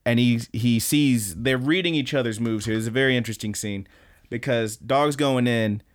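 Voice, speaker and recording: A young man co-hosting a podcast, recapping an anime fight in a casual, animated play-by-play full of swearing. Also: mid-range voice, moderate pace. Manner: animated, profane play-by-play storytelling. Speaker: podcast co-host.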